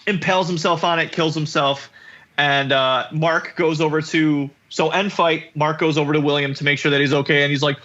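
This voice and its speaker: A man co-hosting a casual podcast recap, animated and quick to swear as he acts out characters' lines. His voice is bright and forceful, sitting a little high. The sound is a bit dull and lo-fi. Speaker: podcast co-host.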